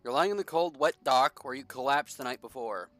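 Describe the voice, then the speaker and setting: A man's voice: medium pitch, fairly quick, a bit bright, dry recording. A man giving casual gameplay commentary, jokey and sarcastic, reading the game text aloud as he plays. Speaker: gaming streamer.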